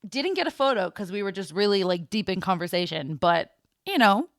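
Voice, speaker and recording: A woman's voice: mid-range voice, very animated, fairly quick, no room sound, clean studio sound. A young woman co-hosting a podcast, chatting casually and rambling, laughing often. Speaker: podcast co-host. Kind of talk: casual chat.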